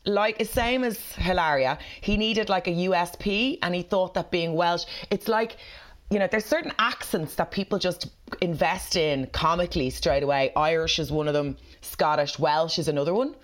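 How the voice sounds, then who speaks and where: A woman's voice: on the low side, normal speed. A woman co-hosting a podcast, telling gossipy stories in casual chat. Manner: chatty, gossipy storytelling. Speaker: podcast co-host.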